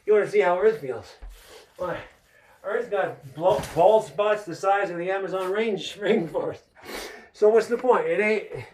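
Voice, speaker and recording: A man's voice: high-pitched, unhurried, a little mellow, slight background noise. A man in a rambling solo monologue, profane, who keeps stopping to ask himself why.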